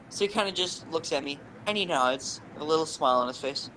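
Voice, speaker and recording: A young man and podcast co-host telling rambling, animated gaming anecdotes, swearing freely. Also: on the high side, quick pace, few pauses, a little hiss or hum, low-quality recording. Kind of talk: casual storytelling.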